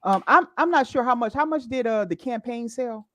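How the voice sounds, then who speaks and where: A woman's voice: on the high side, a little fast, a bit bright, dry recording, highs cut off. A woman co-hosting a casual opinion chat, talking emphatically and often adding okay. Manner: emphatic, frequent laughs and okays.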